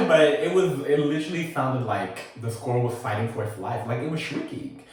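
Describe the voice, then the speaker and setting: A man hosting a casual storytime, telling a personal tale in a sassy, animated way with laughing asides. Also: medium pitch, normal speed, very echoey, distant mic. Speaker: storytelling host.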